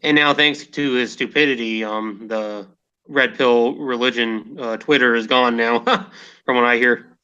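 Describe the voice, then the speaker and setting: Bright-voiced man hosting a lo-fi podcast. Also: mid-range voice, steady tone, a little slow, smooth. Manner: hesitant, many fillers and restarts. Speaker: podcast host. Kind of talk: casual podcast discussion.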